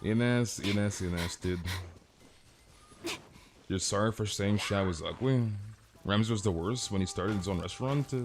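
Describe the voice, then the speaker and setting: A man's voice: on the low side, unhurried, long pauses. A young man streaming a game, chatting casually with his viewers in a laid-back way, often saying "dude". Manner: laid-back, chuckling, talks to chat, says "dude" a lot. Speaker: gaming streamer. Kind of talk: casual livestream chat.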